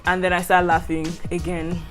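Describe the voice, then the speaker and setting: A young adult university student vlogger from Nigeria tells a story about university in her storytime vlog, speaking with a Nigerian English accent. Her voice is lowish and a bit bright, her tone level, her speed normal; she laughs often, and soft music plays in the background.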